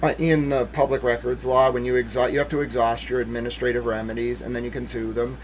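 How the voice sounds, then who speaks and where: A man giving casual, rambling legal commentary on a stream, animated, with jokey asides and mock voices. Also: medium pitch, quick pace, slight background noise.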